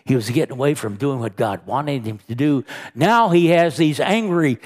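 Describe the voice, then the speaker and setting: A man pastor preaching a sermon, slow and emphatic, rising and quickening when he retells scenes. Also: medium pitch, expressive.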